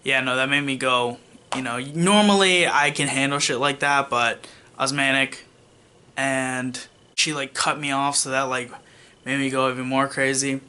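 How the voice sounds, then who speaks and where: A man's voice: medium pitch, steady tone, moderate pace, pushed and bright, clean tone. Young man rambling through a personal story. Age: young adult. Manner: rambling, with many fillers and restarts; wry, self-mocking asides. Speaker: vlogger.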